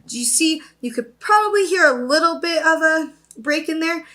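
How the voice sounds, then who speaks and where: A young woman teaching a singing lesson, talking through warm-ups and singing vocal exercises, often checking in with "okay?". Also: very high voice, lively intonation, normal speed. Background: piano accompaniment.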